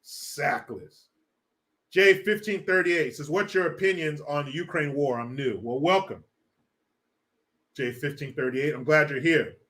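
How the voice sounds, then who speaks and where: A man's voice: on the high side, normal speed, a bit bright. A man hosting a casual livestream, reading chat and ranting with lots of profanity and laughter. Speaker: live stream host.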